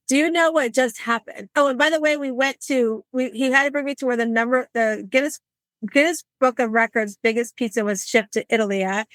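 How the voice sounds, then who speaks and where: A woman in her sixties talks with a slightly high voice, recorded close and dry with no room sound. She hosts a podcast conversation, telling lively personal stories and slipping into the voices of the people she quotes. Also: dry recording. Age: 60s. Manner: animated, acts out quoted voices. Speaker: podcast host. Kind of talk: conversational storytelling.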